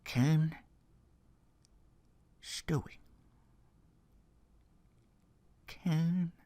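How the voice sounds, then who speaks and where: A man voicing a grizzled wrestler who delivers a theatrical promo that swings between shouts and hushed lines. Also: on the high side, sing-song, slow pace, full character voice. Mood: dramatic. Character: grizzled male wrestler cutting a dramatic promo.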